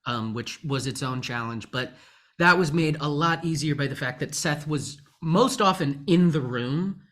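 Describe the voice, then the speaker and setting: A man's voice: fairly high pitch, normal speed, fairly bright tone. A male actor telling stories in an easygoing, jokey way during a casual interview.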